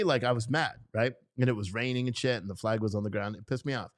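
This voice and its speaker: A man in the middle range of pitch hosts a loose, unscripted livestream. He talks off the cuff and swears freely. He rants with blunt put-downs and often laughs at himself. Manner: profane, ranting, quick to laugh at himself. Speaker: livestream host reading chat. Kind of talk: casual unscripted livestream talk.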